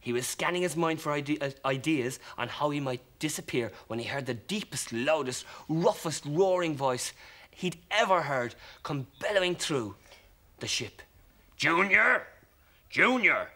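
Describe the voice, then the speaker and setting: An Irish man presenting a children's TV show, telling a story in an animated, expressive way. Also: a little high, normal speed.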